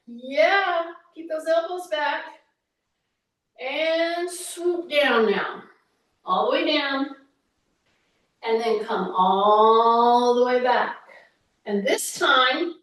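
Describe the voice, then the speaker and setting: A woman, a fitness instructor, talking viewers through a workout in a chatty, coaching way with teasing asides. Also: high-pitched. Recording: echoey room, voice from a distance.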